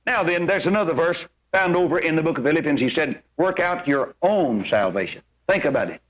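Man preacher, high-pitched, folksy storytelling sermon, acts out characters with big pitch swings. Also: lively intonation, brisk, low-quality recording.

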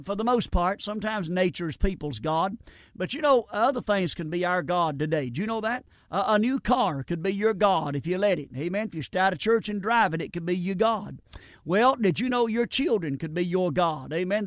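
Older male preacher, high voice, folksy and repetitive, close dry mic. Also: no echo. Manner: folksy, repetitive, builds from quiet to loud. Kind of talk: sermon.

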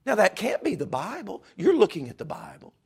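A man's voice: sits high, wildly swooping pitch, a little fast, slightly rough. A man preaching a fervent sermon. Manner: fervent, builds to loud climaxes.

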